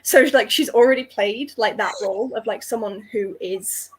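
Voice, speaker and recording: A woman's voice: mid-range voice, moderate pace, husky, rough recording. A young woman chatting enthusiastically on a live stream, rambling with lots of fillers. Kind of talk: casual live-stream book chat.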